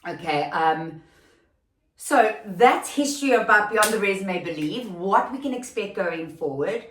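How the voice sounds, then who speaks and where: A woman's voice: medium pitch, unhurried, far from the mic, slight background noise. Woman, casual solo podcast host, chatty, lots of fillers, no studio mic, roomy echo. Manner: chatty, rambling, with many fillers and restarts; grows emotional and excitable near the end. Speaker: podcast host and recruitment company founder. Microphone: no proper podcast mic, recorded without studio gear.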